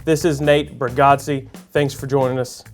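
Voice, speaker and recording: A man hosting a show, reading out either-or questions to a guest in a brisk, upbeat way. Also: mid-range voice, little pitch movement, faint music behind. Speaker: show host. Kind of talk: scripted interview questions.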